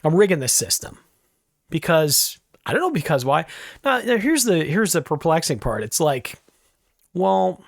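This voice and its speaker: New man, podcast host, rambling storyteller with a lively, up-and-down delivery, dry close mic. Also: fairly high pitch, a little slow, creaky, no room sound. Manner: rambling, chatty, with asides. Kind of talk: casual storytelling monologue.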